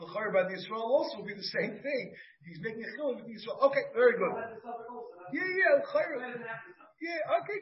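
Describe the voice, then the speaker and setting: A rabbi gives an animated Talmud lecture, his voice pitched high for a man. He keeps checking in with his students with quick "right?" asides. The recording sounds dull and lo-fi. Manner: animated, switches between English and Hebrew-Aramaic terms, frequent "right?" asides.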